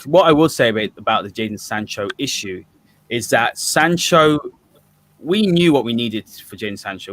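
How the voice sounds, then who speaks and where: A man's voice: mid-range voice, fairly bright tone, slight background noise. A man with a Southern English accent hosting a fan podcast and steering an opinionated discussion. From Southern England. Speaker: host.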